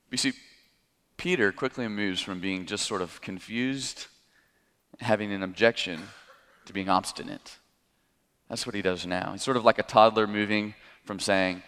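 Chatty preacher in a reverberant hall. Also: male voice, lowish voice, normal speed, fairly bright tone. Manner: conversational, explaining with light chuckles. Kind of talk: expository sermon.

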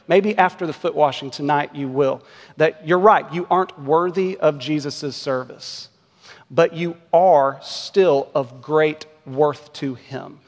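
A man in his thirties preaching a sermon in a church, earnest and measured, pressing his point with emphatic rhetorical questions. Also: on the high side. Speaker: pastor. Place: church sanctuary. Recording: long church reverb.

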